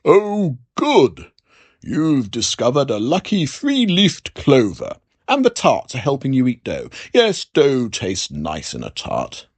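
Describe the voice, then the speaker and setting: A storyteller voicing a cheerful old Father Christmas who cannot hear properly on the phone, with a slow, contented, oblivious delivery. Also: medium pitch, wildly swooping pitch, slightly rough, voice pushed up, full character voice. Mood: jolly.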